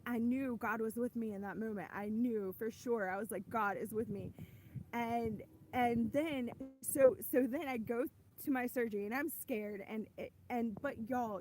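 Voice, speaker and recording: A woman's voice: fairly high pitch, darkish tone, a little hiss or hum, poor audio. A woman telling her personal faith testimony in a casual, earnest way, rambling with many restarts. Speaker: ministry host giving a testimony.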